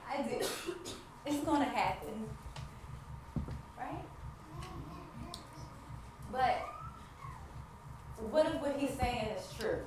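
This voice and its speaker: An actress playing a grieving wife who longs for a child, delivering an emotional stage monologue that moves between despair and faith. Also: female voice, high-pitched, far from the mic, background noise. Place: theater stage. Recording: echoey stage miked from afar.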